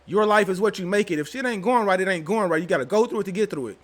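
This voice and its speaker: A young man hosting his own channel speaks rapid-fire in a high voice, talking straight to viewers. It's casual vlog commentary, slangy and meandering.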